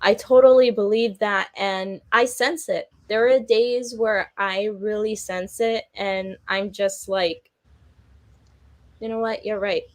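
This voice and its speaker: A woman guest on a talk show answering reflectively, pausing to search for her words. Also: medium pitch, steady tone.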